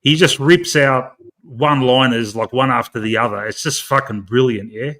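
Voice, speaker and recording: Man, mid-pitched, laid-back mate-heavy chat. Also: moderate pace, a bit bright. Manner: laid-back, agreeable, says mate a lot. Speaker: podcast co-host. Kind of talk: casual chat.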